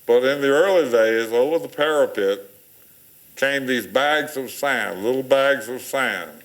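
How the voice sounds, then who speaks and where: An older man telling rambling stories, chuckling and pausing with fillers as a panel guest. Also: medium pitch, rough recording. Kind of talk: casual storytelling.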